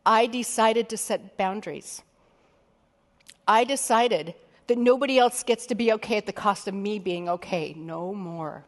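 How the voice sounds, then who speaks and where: A woman's voice: medium pitch, a little slow. A woman executive coach giving a motivational keynote talk in a candid, conversational way, swearing casually now and then. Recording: long hall reverb.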